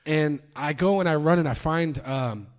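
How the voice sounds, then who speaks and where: A young man from New York telling a story on a podcast, with a fairly high voice. He swears freely and gets animated, acting out the people in it as he goes. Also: moderate pace. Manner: animated, profane, acts out voices. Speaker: podcast guest. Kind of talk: casual storytelling.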